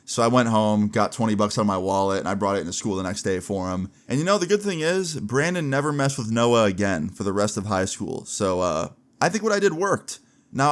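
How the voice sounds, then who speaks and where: A young man casually telling a story from his school days, slangy and laid-back, often adding "like" and "right?". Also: medium pitch. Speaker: storyteller vlogger. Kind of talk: casual story-time narration.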